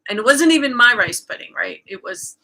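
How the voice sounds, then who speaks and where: Bright-voiced woman telling a candid story. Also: a little high, lively intonation, a little fast, vocal fry. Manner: candid, storytelling with frequent fillers. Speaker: guest, coach. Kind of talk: casual conversation.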